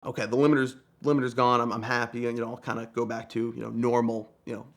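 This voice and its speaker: Young guy, quick and chatty anecdote teller, animated and self-mocking, mid-range voice. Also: mid-range voice. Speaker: guest storyteller. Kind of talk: casual anecdote telling.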